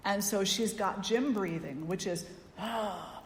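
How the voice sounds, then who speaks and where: Woman spiritual teacher, lively storytelling, roomy hall with long reverb, faint hiss. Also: mid-range voice, slow. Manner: lively storyteller who acts out the people she quotes. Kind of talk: satsang talk with storytelling. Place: yoga ashram hall.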